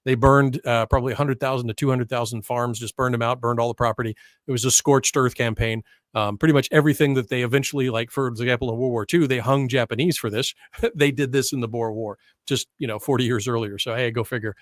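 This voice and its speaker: A man's voice: medium pitch, fairly even intonation, fast talker, no room sound, clean studio sound. An American man presenting history in a casual lecture over slides, chatty and full of tag questions and restarts.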